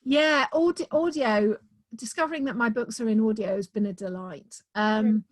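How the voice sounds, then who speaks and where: Chatty woman author, a little high, dry close sound; casual video-call interview, keen and full of "um"s. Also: moderate pace, dry recording. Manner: chatty and enthusiastic, many "um"s. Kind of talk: casual conversation.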